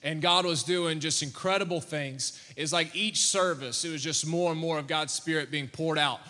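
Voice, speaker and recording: A man preaching to his congregation, telling a story with animated energy and calling questions out to the crowd. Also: a little high, normal speed. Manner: animated, calls out questions to the audience. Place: church sanctuary. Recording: long church-hall reverb.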